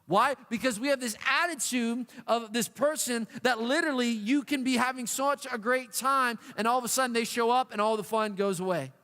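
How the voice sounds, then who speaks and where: A man preaching to a youth group, animated and playful, acting out a whining dog and other whiny voices. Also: extremely high pitch, normal speed, hardly any pauses. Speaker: youth pastor. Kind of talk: youth sermon. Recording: long hall reverb.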